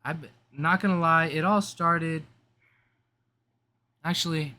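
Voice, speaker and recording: A man's voice: fairly high pitch, steady tone, slow pace, pushed and bright. A young man talking casually to camera in a rambling vlog, slangy and often cutting himself off mid-thought. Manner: rambling, self-interrupting, slangy. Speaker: vlogger.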